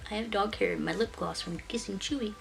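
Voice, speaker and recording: A woman's voice: medium pitch, fast talker, vocal fry, a bit bright, slight background noise. A woman hosting her own video channel, giving a casual sign-off in a chatty, playful way and laughing easily. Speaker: YouTube host and writer. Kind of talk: casual vlog sign-off and bloopers.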